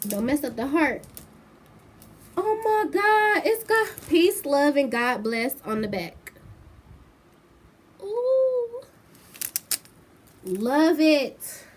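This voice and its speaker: Excitable young woman, high lively voice. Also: drawn-out words, long pauses, a little hiss or hum. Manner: gushing, excitable, squeals and laughs often. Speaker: vlogger. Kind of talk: casual unboxing vlog. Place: home bedroom.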